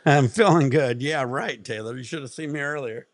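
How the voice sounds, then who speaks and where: A man hosts a casual livestream, speaking at medium pitch and normal speed. He chats with viewers, laughs a lot, and breaks into profane rants.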